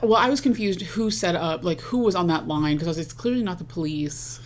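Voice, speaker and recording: A woman co-hosting a podcast, chatting casually about a TV episode, animated and laughing as she acts out quotes. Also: on the low side, a little fast, a little hiss or hum. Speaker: podcast co-host. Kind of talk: casual chat recapping a TV episode.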